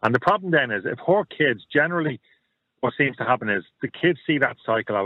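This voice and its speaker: A man's voice: medium pitch, expressive, quick pace, no room sound. A middle-aged man, telling blunt stories and opinions as a caller on a radio show. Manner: blunt, storytelling, repeats himself. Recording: tinny phone line.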